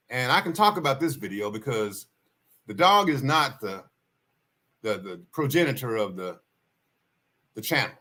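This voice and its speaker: A man's voice: mid-range voice, sharp tone. A man hosting a livestream, telling stories in a folksy, rambling way and repeating his key points. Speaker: livestream host. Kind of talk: casual spoken storytelling.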